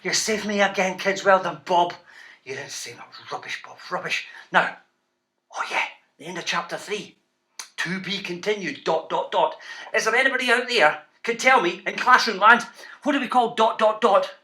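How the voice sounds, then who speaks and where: A Scottish man, a children's author, reading and teaching to schoolchildren in an animated, playful, teasing way. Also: sits high, moderate pace.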